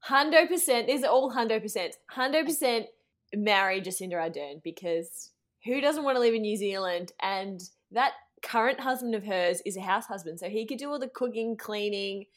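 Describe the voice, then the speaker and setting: Aussie woman on a comedy podcast, all slang and big emphatic yeses, mid-pitched everyday voice. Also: expressive, moderate pace. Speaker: podcast co-host. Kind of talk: casual comedy chat.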